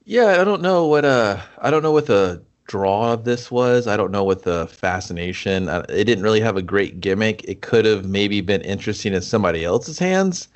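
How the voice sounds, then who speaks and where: Low-voiced man with dry asides. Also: expressive, normal speed, few pauses. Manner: dry, wry asides and jokes. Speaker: podcast co-host. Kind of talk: casual movie review chat.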